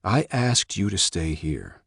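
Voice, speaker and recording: Narrator doing a worried dad, defensive and pleading, lowish voice. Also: male voice, wildly swooping pitch, slow pace, a bit bright, slightly rough, no echo, studio quality, exaggerated voice. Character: anxious protective middle-aged father.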